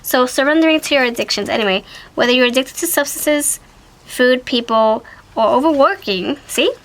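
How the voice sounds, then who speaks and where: Woman doing a chatty tarot reading, kinda high voice, excitable, keeps correcting herself. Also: brisk, poor audio. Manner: chatty and animated, with exclamations and self-corrections. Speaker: tarot reader. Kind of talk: casual pick-a-card tarot reading to viewers.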